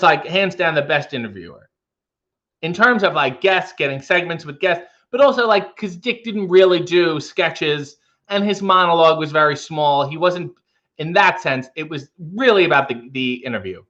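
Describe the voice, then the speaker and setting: A man's voice: high-pitched, expressive, moderate pace, pushed and bright, lo-fi sound. A man hosting a livestream in casual chat, reading out viewer comments with rambling, wry asides. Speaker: livestream host.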